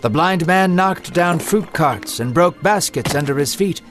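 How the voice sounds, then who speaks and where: A man's voice: on the high side, lively intonation, unhurried, hardly any pauses, a bit bright, faint music behind. A man narrating a Bible story in a dramatic storytelling manner.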